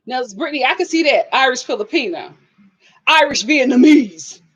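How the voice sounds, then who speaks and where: Animated, laughing woman live-streaming. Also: high-pitched, moderate pace, husky, low-quality recording. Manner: animated, playful, laughs often, quotes in exaggerated voices. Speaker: host of a live TV review stream. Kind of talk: casual live-stream commentary reading chat.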